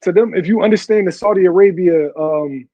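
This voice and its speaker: A man's voice: sits high, fairly quick, dark tone, no echo, lo-fi sound. A man co-hosting a casual online talk show, pressing his point and cutting others off to break it down. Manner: insistent, keeps cutting in to make his point. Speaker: podcast host. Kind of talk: casual debate chat.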